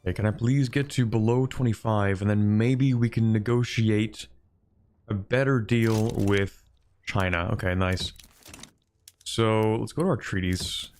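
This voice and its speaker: A man streaming a strategy game live, talking to chat and bargaining aloud with computer opponents in an animated, joking way. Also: on the low side, a little slow, a little hiss or hum. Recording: faint music behind.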